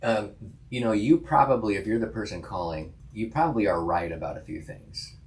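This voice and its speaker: A man with a lowish voice co-hosts a podcast as a counselor. He talks in a relaxed, casual way, laughing often and restarting his sentences as he thinks aloud. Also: a little fast. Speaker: podcast co-host, licensed counselor.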